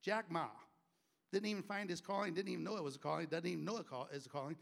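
A man's voice: a little high, quick pace, creaky, fairly bright tone. A middle-aged man preaching a sermon in a conversational way and acting out the voices of people he quotes. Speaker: pastor.

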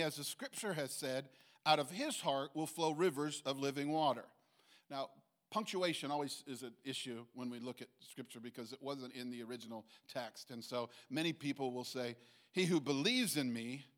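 A man preaching a sermon in a conversational way, reading scripture slowly and checking in with his listeners. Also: fairly high pitch. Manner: bursts into loud acted shouts when quoting. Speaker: pastor. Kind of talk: sermon teaching.

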